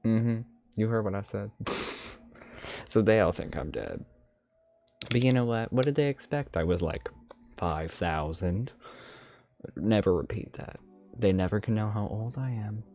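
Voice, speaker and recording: With long pauses, a man speaks in a fairly low, expressive, creaky and mellow voice, a little slow, as an ancient, mischievous male dragon mage. He lisps in a put-on dragonish accent and rambles playfully through self-amused asides in live stream chat, the audio slightly dull with faint music.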